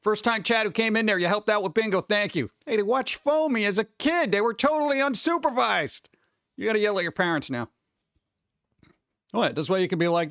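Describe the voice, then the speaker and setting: Host excitable streamer guy, high voice, dry close sound, rambling chat. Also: a little fast, dry recording. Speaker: livestream host. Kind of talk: casual live-stream chat.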